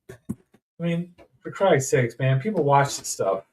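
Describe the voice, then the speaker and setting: Man, rambling and jokey, mid-pitched voice, mic some distance off. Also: expressive, a little slow, long pauses, a little mellow. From Indiana, USA. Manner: rambling, jokey, sings snippets. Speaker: toy-collecting streamer. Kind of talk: casual unboxing chat.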